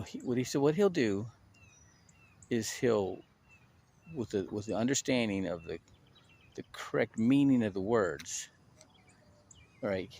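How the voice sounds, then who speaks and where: Gravelly low-voiced man telling stories. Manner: animated, emphatic storyteller with many restarts. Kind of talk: casual storytelling monologue.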